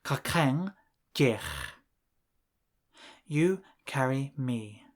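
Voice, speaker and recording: A man teaching a scripted language lesson, saying phrases slowly and deliberately and pausing so the listener can repeat them. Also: mid-range voice, expressive. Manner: slow, deliberate drilling with pauses for repetition.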